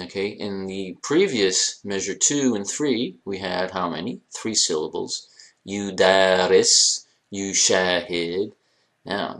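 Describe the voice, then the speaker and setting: A man teaching an Arabic grammar lesson, joking and speaking straight to his students. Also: sits low. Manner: jokey, addresses students directly, animated emphasis. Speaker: Arabic language instructor. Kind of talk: classroom lecture.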